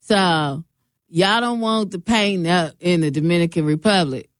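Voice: mid-range voice, normal speed, no echo, clean studio sound. Co-host chiming in on a radio show. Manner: affirming, chiming in often. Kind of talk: casual radio talk.

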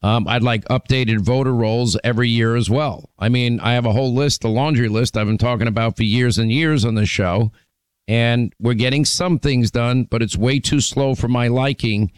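A man hosting a call-in radio show in a smooth, resonant voice, recorded close and dry. He presses his points hard and lists them one after another, often restarting mid-sentence. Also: medium pitch, steady tone, normal speed, dry recording. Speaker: radio talk show host.

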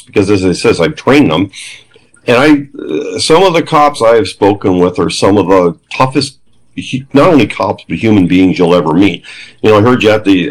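A middle-aged man with a lowish voice tells a story as an interview guest. He talks in bursts and acts out the lines of the people he quotes, so his pitch jumps around. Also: rough recording. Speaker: guest, former police trainer.

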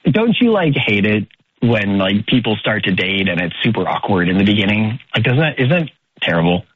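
A man on a radio show making a nervous phone call, hesitant and halting. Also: fairly low pitch, sing-song, slightly rough. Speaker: caller. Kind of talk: casual phone chat.

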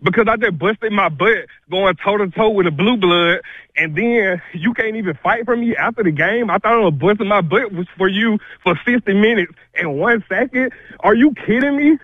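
Breathless high-voiced man ranting by phone. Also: dry recording. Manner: livid, rapid ranting. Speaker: caller. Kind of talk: call-in rant. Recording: tinny phone line.

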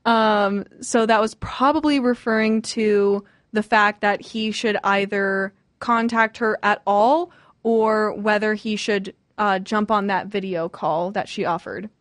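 A woman's voice: mid-range voice, steady tone, unhurried, dry recording, studio quality. A woman in her twenties hosting a radio show, chatting casually and giggling as she reads listener messages. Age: 20s. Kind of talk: casual storytelling chat.

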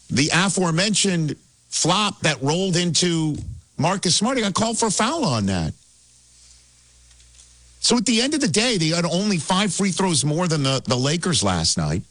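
A man hosting casual sports talk, animated and excitable, laughing as he tells it. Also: a little high, moderate pace, dry recording. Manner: animated, excitable, laughs while telling stories.

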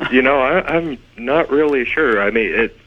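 A man's voice: mid-range voice, husky. A man investigating hauntings, a radio guest, talking casually and hesitantly with many fillers. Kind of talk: radio interview. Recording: muffled phone line.

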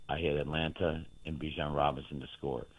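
Man, very low voice, rambling boastful betting talk, tinny phone line, dry. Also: flat delivery, fairly quick, no room sound. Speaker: sports betting handicapper. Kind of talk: casual chat on a show.

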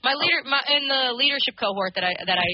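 A woman's voice: high-pitched, lively intonation, fast talker, no echo. A woman co-hosting sports radio, chatting casually and rambling with restarts. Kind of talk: casual sports talk banter. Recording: muffled radio broadcast audio.

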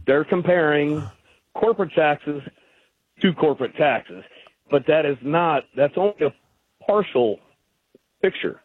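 A man's voice: a little high, animated, measured pace, long pauses, dry recording. A man calling in to a radio show, arguing his point with hesitant fillers. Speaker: radio caller. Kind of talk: phone-in conversation. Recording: phone line.

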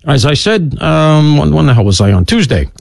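A middle-aged male talk radio host in full monologue, his fairly high voice leaping up and down as he fires off asides. The studio sound is dry and close. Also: gravelly, no echo. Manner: animated, swooping pitch, rapid asides.

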